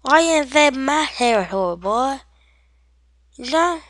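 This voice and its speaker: A cocky male zombie pig, as a woman puts him on for a game video, demanding to know why anyone dares enter his turf. He talks in loose street slang with a pushed-up, higher voice. The sound is close and dry. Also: lively intonation, measured pace, a bit bright, dry recording. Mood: defiant. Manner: street-slang bravado, territorial. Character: swaggering tough-talking male zombie pig.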